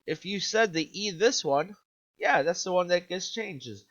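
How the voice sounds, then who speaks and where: A man's voice: sits high, lively intonation, a little slow, a bit bright. A male Spanish teacher giving an upbeat video lesson, checking in with "okay?" and quizzing the viewer. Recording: dull lo-fi recording.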